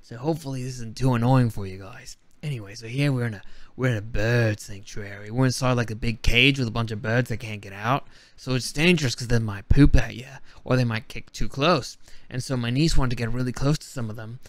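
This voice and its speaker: A man's voice: mid-range voice, fairly quick, no room sound, lightly acted. A man putting on a goofy Australian accent as a wildlife presenter, playful and rambling through his vlog. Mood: goofy excited. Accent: put-on Australian.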